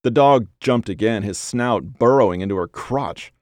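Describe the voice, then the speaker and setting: A man reading a story aloud as narrator, with measured, deliberate phrasing. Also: fairly low pitch, dry recording, studio quality.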